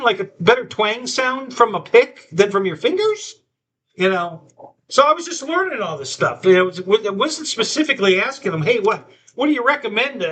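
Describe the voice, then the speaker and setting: A man's voice: high-pitched, bright, forceful tone, husky. A man hosting a live stream, rambling through a story with lots of restarts and quoted back-and-forth. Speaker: host. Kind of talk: casual live-stream chat.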